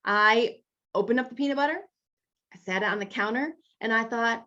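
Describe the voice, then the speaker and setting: A fairly high-voiced woman coaches a weight-loss group over a video call, chatty and encouraging as she talks straight to her members. The call audio is dull and lo-fi. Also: a little fast, bright, forceful tone.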